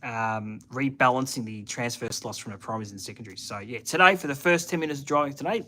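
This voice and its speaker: A man's voice: mid-range voice, fast, pushed and bright. A man with a broad Australian accent, hosting a casual live chat from his shed and thinking aloud in a rambling, slangy way. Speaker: channel host answering live chat. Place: home shed at night.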